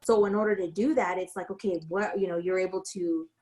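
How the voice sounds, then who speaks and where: A woman's voice: on the low side, fairly even intonation, brisk, darkish tone, low-quality recording. A woman real estate broker giving a casual tutorial, telling stories in a chatty way full of fillers and restarts.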